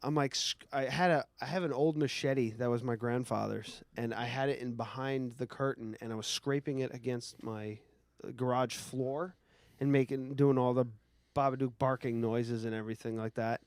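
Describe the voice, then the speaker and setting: A man hosting a podcast, telling stories in a lively, swearing, laughing way. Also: medium pitch, moderate pace, no echo. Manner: animated storyteller, swears, laughs often. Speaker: podcast host. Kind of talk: casual chat.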